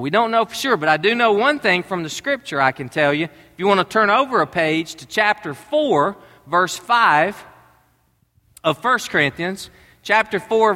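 Pastor, middle-aged man, high bright voice, folksy storytelling sermon, reverberant church hall. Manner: conversational, storytelling preacher.

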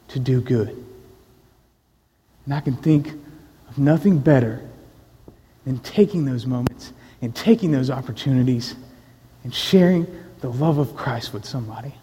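A man preaching a sermon, telling a personal story in an earnest way with pauses. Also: mid-range voice, dark tone. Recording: long echo of a large hall.

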